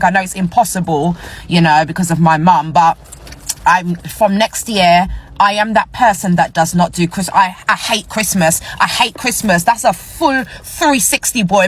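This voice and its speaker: A stressed woman, ranting bluntly to her followers, swearing and repeating herself. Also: medium pitch. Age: 40s. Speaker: vlogger.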